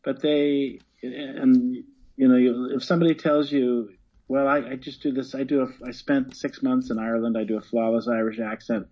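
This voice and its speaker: A man's voice: medium pitch, fairly even intonation, moderate pace, dull audio. A man who teaches acting, explaining his views earnestly as a guest in a casual talk, often repeating words as he builds a point. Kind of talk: casual conversation.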